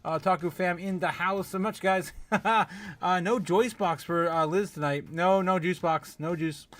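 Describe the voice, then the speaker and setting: High-voiced giggly stream host. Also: male voice, unhurried, a bit bright. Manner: laughs often, greets chat members by name, rambling with many fillers. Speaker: livestream host. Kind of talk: casual livestream chat reading viewer comments.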